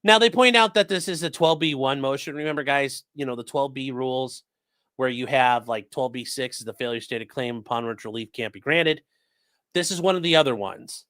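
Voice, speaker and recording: A man does casual legal commentary on a live stream, swearing freely, reading chat messages aloud, and interrupting himself to coax his dogs in a sing-song voice. He speaks in a mid-range, fairly bright voice with lively intonation at a moderate pace, recorded in echo-free studio quality.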